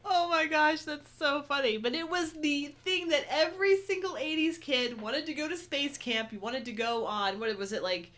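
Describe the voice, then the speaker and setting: A woman's voice: high voice, moderate pace, few pauses, a bit bright. A woman in her thirties co-hosting a casual live chat, bubbly and enthusiastic. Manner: bubbly, enthusiastic, laughs often. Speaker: co-host.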